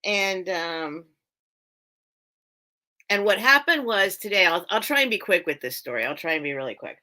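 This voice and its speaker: A woman's voice: medium pitch, animated, moderate pace, sharp tone. A woman hosting a live online sale, chatting casually and rambling as she loses her train of thought and laughs often. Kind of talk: casual live-stream chat.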